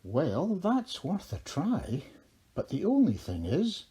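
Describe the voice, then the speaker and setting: A man's voice: a little high, huge pitch swings, slow pace, mellow, slightly rough, voice pushed up, full character voice. A man voicing a polite, earnest young male elf who speaks courteously and sincerely.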